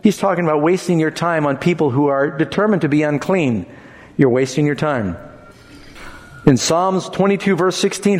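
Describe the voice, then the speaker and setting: A man preaching a sermon, expressive, acting out quoted lines in changing tones. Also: on the high side, normal speed. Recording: long hall reverb.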